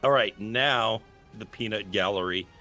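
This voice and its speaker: A man's voice: fairly low pitch, unhurried, bright, forceful tone, faint music behind. A man narrating a tabletop game as its game master, playful, describing the action and then voicing onlookers. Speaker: dungeon master.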